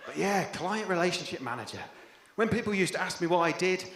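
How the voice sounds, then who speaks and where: A young English man doing a stand-up comedy set on stage, dry and self-deprecating, with sudden loud outbursts. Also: high voice, lively intonation, fairly quick. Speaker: first-time stand-up comedian. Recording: echoey live venue with faint room noise.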